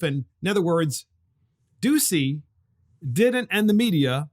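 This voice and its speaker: Male podcast host, mocking commentary, voice sits a bit high. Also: takes it slowly, pauses often. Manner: animated, mocking, laughs while talking. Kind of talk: opinionated political commentary.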